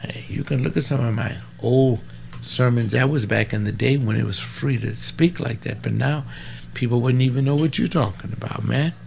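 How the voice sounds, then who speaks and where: A man's voice: medium pitch, normal speed, creaky, a little mellow, a little hiss or hum. A man in his seventies preaching in an informal, rambling way, fervent, with folksy asides and sudden bursts of emphasis. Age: 70s.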